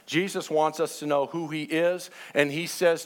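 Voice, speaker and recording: A man preaching a sermon to his church, mixing joking asides with slow, emphatic preaching. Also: fairly high pitch, a bit bright. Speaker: pastor.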